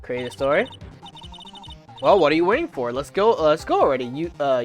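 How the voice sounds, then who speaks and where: A man's voice: on the high side, sing-song, a little fast, long pauses, faint music behind. A man casually reading visual novel dialogue aloud on a live stream, chatting and laughing between lines.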